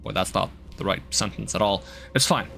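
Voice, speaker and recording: A man's voice: low-pitched, fairly quick, gravelly, sharp tone, faint music behind. A man streaming a video game, playfully joking, teasing the enemies and chatting to himself as he plays. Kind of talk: live gameplay commentary.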